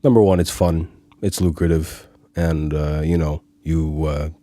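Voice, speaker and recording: Un hombre de Chipre, locutor invitado en una entrevista de pódcast, que habla con seguridad y calma. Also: male voice, a bass voice, measured pace, no echo. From Cyprus. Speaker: guest, voiceover artist. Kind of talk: casual podcast interview.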